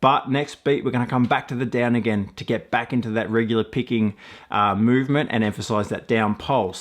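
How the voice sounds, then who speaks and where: A man's voice: medium pitch, normal speed, loud music behind the voice. A man teaching a mandolin tune step by step, patiently counting beats and calling out pick strokes. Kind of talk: step-by-step music lesson. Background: loud mandolin playing.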